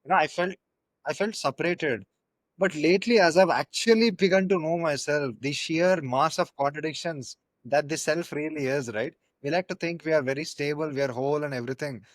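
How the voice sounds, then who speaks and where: Man, podcast host, fairly high voice, dry sound, reflective, philosophical. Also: brisk, dry recording. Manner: thoughtful, philosophical, searches for words. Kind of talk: reflective conversation.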